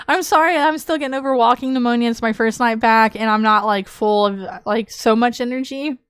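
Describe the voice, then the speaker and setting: Excitable swearing woman livestreamer. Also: sits high, a little fast, smooth, dry recording. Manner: excitable, swears freely, laughs often. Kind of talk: casual livestream chat.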